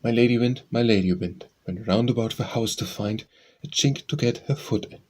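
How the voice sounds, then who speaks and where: A man's voice: mid-range voice, moderate pace, darkish tone. A man reading nursery rhymes aloud as an audiobook, in a sing-song, rhythmic recitation. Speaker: audiobook reader.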